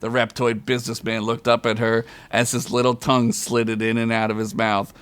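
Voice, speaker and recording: Male storyteller, average pitch, dry close sound, reads comic fantasy and laughs along. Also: completely flat delivery, normal speed, smooth, no room sound. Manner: reads aloud with frequent chuckles, loud high character voices. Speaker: podcast storyteller. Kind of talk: comedic fantasy story reading.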